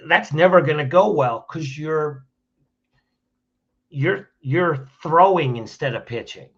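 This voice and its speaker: A man's voice: a little high, slow pace, fairly bright tone, slightly rough, muffled recording. A man speaking as a podcast guest, giving conversational advice in a plainspoken way and often restarting his phrases. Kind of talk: conversational advice on handling anger.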